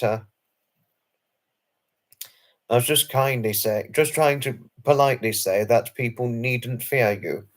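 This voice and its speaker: A man hosting a late-night live stream and answering viewers' chat messages. He talks in an effusive, formal and earnest way, often repeating himself and apologizing. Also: medium pitch. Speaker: livestream host.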